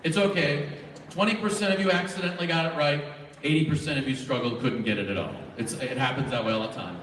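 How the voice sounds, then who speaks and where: A man presenting to a large live student audience in an auditorium, energetic and animated as he directs the crowd. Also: a little high, fast talker, a little hiss or hum. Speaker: event presenter. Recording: echoey hall, voice from far off.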